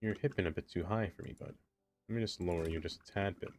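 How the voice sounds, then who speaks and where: A man's voice: deep voice, fast, creaky, darkish tone, slight background noise. A man streaming a game, chatting casually, laughing often and talking to the objects he builds. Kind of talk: casual live-stream chat.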